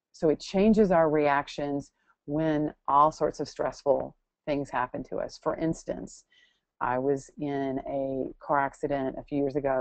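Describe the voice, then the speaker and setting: A woman's voice: rumbling low, dry recording, low-quality recording. A woman answering audience questions in a talk, thoughtful and searching for words, with many restarts. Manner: acts out quoted voices with lively expression. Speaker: guest speaker.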